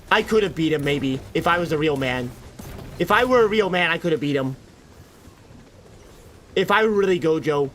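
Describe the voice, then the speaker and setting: A man's voice: on the high side, a bit bright, slight background noise. A man streaming a game, chatting casually with goofy, self-mocking banter. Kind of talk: casual gameplay commentary.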